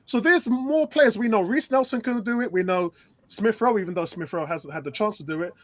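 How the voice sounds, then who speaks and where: Male podcast guest, high voice, emphatic, repeats himself. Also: a little fast. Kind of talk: casual football chat.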